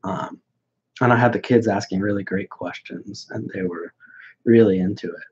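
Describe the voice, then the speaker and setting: A young man talking bluntly and mockingly in casual chat as a podcast guest, halting with many restarts, on a dull lo-fi recording. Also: on the low side, breathy edge. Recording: dull lo-fi sound.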